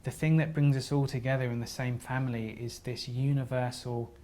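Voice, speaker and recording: A man giving a seminar talk, telling stories in an earnest, halting way with frequent restarts and gentle apologies. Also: medium pitch, level tone. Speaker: seminar speaker.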